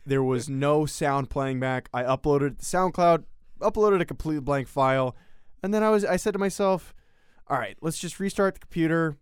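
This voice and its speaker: A young man co-hosting a casual sports podcast, telling stories briskly with sarcastic asides. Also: on the high side, smooth, no room sound, clean studio sound. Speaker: podcast co-host.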